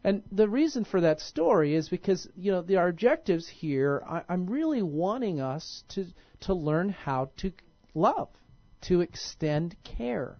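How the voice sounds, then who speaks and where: A man's voice: high voice, very animated, a little slow. A male pastor preaching in a casual, conversational way, often stopping and restarting his sentences. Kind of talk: sermon. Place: church. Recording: dull lo-fi recording.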